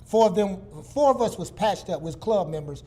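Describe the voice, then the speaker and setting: A man's voice: sits high, moderate pace. A man from Detroit, a guest doctor, telling a personal story in casual talk and acting out the people he quotes. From Detroit, USA. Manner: animated, acts out the people he quotes.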